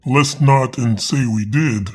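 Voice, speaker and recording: A man voicing a menacing male demon through a pitched-down voice effect, intoning slowly and ominously. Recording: heavy echoing reverb effect.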